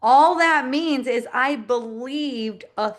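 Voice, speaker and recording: A woman's voice: sits high, slow. A middle-aged woman teaching in a reflective spiritual talk, laughing often and acting out the voices she quotes.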